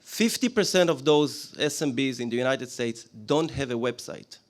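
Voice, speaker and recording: Brief: man in his forties, Israeli accent, mid-pitched voice, plain-spoken pitch to a room, fillers and audience questions. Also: animated, moderate pace. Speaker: business presenter. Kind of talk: business pitch to a live audience.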